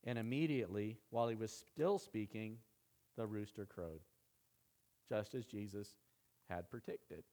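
A male pastor giving a conversational sermon, with a voice that swells louder when he presses a point. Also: fairly low pitch, a little slow, pauses often.

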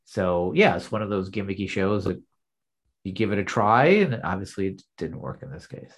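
Husky-voiced man recapping a sitcom. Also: sits low, lively intonation, moderate pace. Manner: narrates scenes, acting out the lines. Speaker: podcast co-host. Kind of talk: casual chat recapping an episode.

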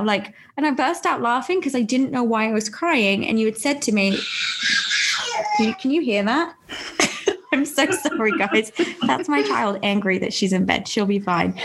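Lively young woman telling a story. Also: on the high side, measured pace, creaky, background noise. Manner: animated storytelling, laughs often. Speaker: podcast host. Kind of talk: casual interview chat.

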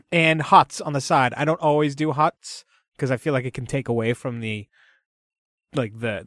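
A man's voice: medium pitch, fairly bright tone, no echo, clean studio sound. A man co-hosting a podcast, talking casually and laughing often. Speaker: podcast co-host. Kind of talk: casual chat.

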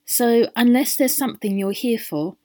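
A woman voicing a brisk, curious middle-aged spinster scientist who speaks crisply and to the point. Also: a little high, darkish tone, pitched above the performer's own voice, natural voice.

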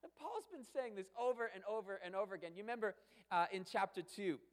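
A man's voice: high-pitched, a little fast. A man preaching a sermon as pastor, emphatic and fond of repeating phrases and asking rhetorical questions. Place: church sanctuary. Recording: long hall reverb.

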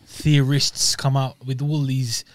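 Measured man, dry sound. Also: mid-range voice, level tone, no room sound. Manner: measured, reasoning, conciliatory. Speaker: podcast co-host. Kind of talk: casual chat.

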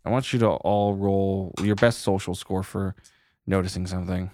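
A man narrating a tabletop role-playing game as game master, in a relaxed, joking manner. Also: low-pitched, moderate pace, slight background noise.

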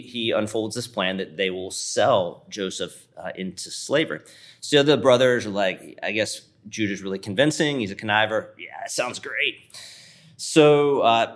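Man, preacher, conversational sermon, vivid storytelling, low-pitched. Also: animated, normal speed, fairly bright tone. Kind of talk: sermon retelling a scripture story.

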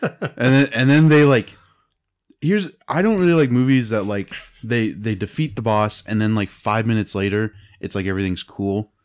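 A man's voice: fairly low pitch, moderate pace. A man in casual chat, rambling through a movie recap with lots of fillers and laughter. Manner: rambling, animated retelling with silly voices and laughs.

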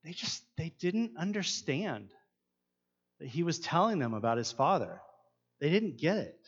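A man's voice: fairly high pitch, big pitch swings, measured pace, slightly rough, highs cut off. A man preaching a sermon, earnest and asking his listeners many questions. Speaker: pastor.

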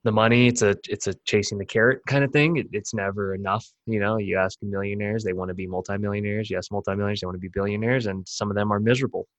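A man hosting a podcast, talking in a relaxed, agreeable way as he chats with his guest. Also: lowish voice, fast talker, hardly any pauses, no echo. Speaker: podcast host. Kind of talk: casual podcast conversation.

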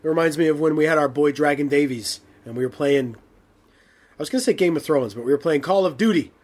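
A man in casual podcast banter, brash and quick to swear. His voice sits notably high for a man. He teases and trash-talks in a playful way. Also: darkish tone. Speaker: podcast co-host.

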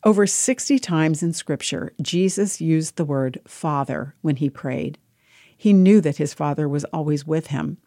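A woman hosting a short devotional program, reading a scripted reflection in a calm, measured way. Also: deep voice, no room sound. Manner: calm, measured reading over soft music. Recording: dry studio voice-over with faint music.

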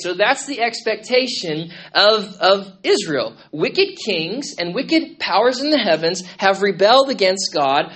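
A man's voice: sits high, lively intonation, unhurried, few pauses, a bit bright. A man preaching a sermon to a congregation in a room. He speaks conversationally, often checks in with "okay?" and "right?", and repeats words and restarts his phrases. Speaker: pastor.

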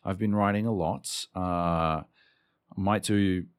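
Very deep-voiced man rambling casually. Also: steady tone, clear, resonant tone. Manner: rambling and halting, with casual swearing. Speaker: podcast host and author. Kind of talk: off-the-cuff podcast chat.

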